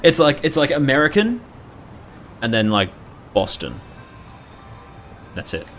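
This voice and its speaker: A man's voice: mid-range voice, animated, fast talker, fairly bright tone, faint music behind. A young man chatting loosely as a gaming streamer, rambling and swearing freely. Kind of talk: casual live-stream commentary.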